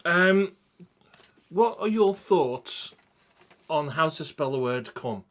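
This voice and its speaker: Teasing male podcast host, lively pitch. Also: slow. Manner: mock-dramatic, teasing, swears freely. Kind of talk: crude comedic podcast banter.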